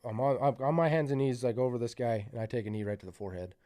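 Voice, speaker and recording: A man's voice: medium pitch, very fast, mellow, slight background noise. A man on a podcast telling a long story in a rambling, profane way, full of fillers. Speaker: podcast guest. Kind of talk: casual storytelling.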